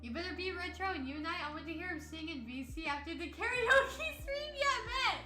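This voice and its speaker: A woman's voice: very high voice, lively intonation, a little fast. A tired woman streamer chatting casually and rambling, laughing often and breaking into playful outbursts. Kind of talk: casual chat with chat readers. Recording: roomy sound with music behind.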